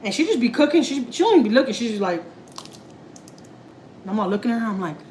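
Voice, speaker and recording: A woman's voice: a little high, very animated, fast talker, background noise. A woman chatting casually to her live viewers while cooking in her home kitchen. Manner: chatty, slangy, laughing asides. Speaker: family vlogger.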